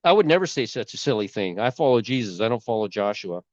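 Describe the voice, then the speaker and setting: A man hosting a casual religious commentary video, rambling and halting, with a cold and a sore throat. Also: fairly low pitch, sing-song, no echo, muffled recording. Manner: rambling, halting, many restarts. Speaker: YouTube host.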